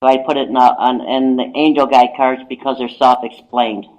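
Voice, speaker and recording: A woman's voice: rumbling low, steady tone, a little fast, a little mellow, highs cut off. A woman psychic guest on a radio talk show, casually telling a long anecdote and repeating "I says" as she goes. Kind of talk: casual radio chat, storytelling.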